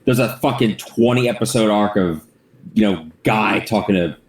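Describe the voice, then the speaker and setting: A man player chatting casually among friends, telling a rambling, animated story with some swearing. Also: lowish voice, normal speed, reverberant.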